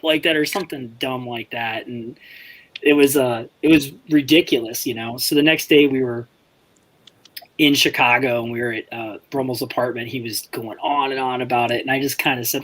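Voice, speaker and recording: On a low-quality recording with faint background noise, a male podcast co-host chats casually, laughing through rambling, profane stories. His mid-range voice is a bit bright, with fairly even intonation at normal speed.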